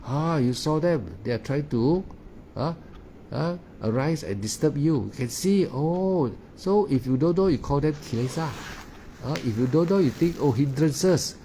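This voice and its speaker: A man gives a meditation talk in halting, non-native English, filling his pauses with "ah" and "uh" and repeating words. His voice is mellow and relaxed. Faint noise sits under the recording. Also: fairly high pitch. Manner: hesitant, frequent "ah" fillers and repeated words. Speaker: meditation teacher. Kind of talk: Dharma talk.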